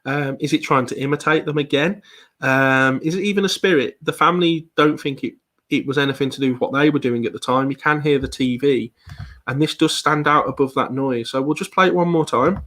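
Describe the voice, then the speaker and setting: A man's voice: a little high, brisk, bright, forceful tone. A man giving an online presentation as a paranormal investigator. He talks in a hesitant way, with frequent ums and repeated words.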